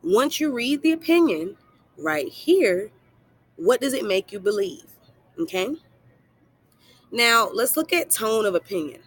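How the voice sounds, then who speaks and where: A woman's voice: fairly high pitch, very animated, measured pace, long pauses. Encouraging woman teacher quizzing her class. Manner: asks questions then answers them; encouraging, affectionate toward students. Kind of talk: recorded screen-share lesson.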